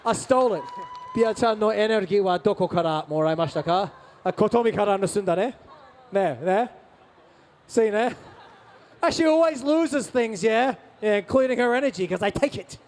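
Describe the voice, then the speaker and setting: A man's voice: sits high, animated, normal speed, long pauses, a little mellow. A man answering fan questions on a convention stage, playful and teasing, slipping in Japanese phrases. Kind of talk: lively stage Q&A banter.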